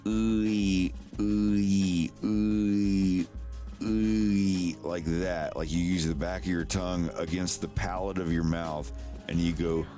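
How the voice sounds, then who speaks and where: Low-voiced rambling male streamer. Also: level tone, normal speed, a little mellow, faint music behind. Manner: rambling, profane, demonstrates mouth sounds. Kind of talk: casual live-stream chat.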